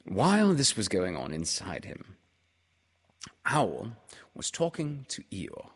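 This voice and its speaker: A man reading a children's storybook aloud, unhurried and expressive. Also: on the low side, breathy edge. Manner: slow, expressive read-aloud.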